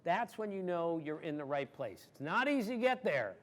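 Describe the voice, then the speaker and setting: A man in his sixties from Maryland, guest at an audience Q&A, telling stories in an animated, emphatic way and laughing easily. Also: a little high, normal speed. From Maryland, USA. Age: 60s. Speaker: guest sportswriter. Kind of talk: storytelling in an audience Q&A.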